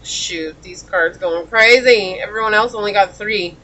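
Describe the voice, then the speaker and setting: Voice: medium pitch, steady tone, moderate pace, hardly any pauses, pushed and bright, rough recording. A tarot reader giving a pick-a-card reading in a chatty, exclamatory way, calling out to spirit guides aloud.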